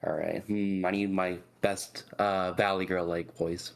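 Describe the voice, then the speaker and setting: A man's voice: low-pitched, flat delivery, measured pace, vocal fry, hardly any pauses, smooth. A man in casual chat with friends on a stream, joking crudely.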